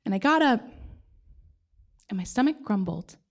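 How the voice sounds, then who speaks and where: A woman's voice: medium pitch, animated, moderate pace. A woman telling a funny, self-deprecating personal story on stage. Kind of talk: live comic storytelling. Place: stage before a live audience.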